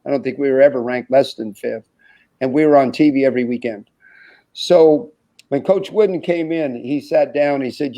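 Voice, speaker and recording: A man's voice: medium pitch, moderate pace, muffled recording. A man in his sixties from the United States, a former basketball player telling anecdotes as a podcast guest, acting out dialogue and chuckling often. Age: 60s. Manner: animated storyteller who acts out dialogue, chuckles often. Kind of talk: anecdotal storytelling in an interview.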